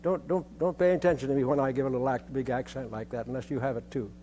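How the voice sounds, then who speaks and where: Older conductor singing rhythms to a band. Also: male voice, mid-range voice, fairly even intonation, fast, mellow, slight background noise. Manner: sings rhythms on syllables, repeats phrases. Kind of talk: rehearsal instruction. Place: band rehearsal room.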